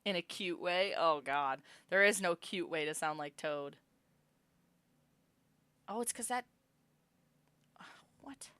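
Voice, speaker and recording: A woman's voice: lowish voice, a little slow, pauses often, sharp tone, clean tone, no room sound. A woman streamer reading game text aloud and chatting casually with her viewers. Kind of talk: game narration and casual live chat.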